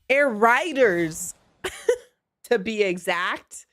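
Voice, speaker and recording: A woman streaming a live reaction, excitable and quick to exclaim and laugh. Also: a little high, faint music behind.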